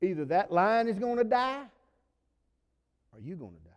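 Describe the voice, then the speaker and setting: A man preaching a sermon, acting out quoted voices and swinging between loud and hushed delivery. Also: very high voice, moderate pace, clean tone. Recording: long reverb of a large hall.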